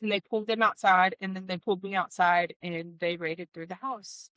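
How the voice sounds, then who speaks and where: A woman's voice: on the low side, steady tone, normal speed, fairly bright tone, clear, resonant tone, no echo, poor audio. A woman telling her personal testimony as an interview guest, candid and heartfelt, with wry asides. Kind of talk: emotional personal storytelling.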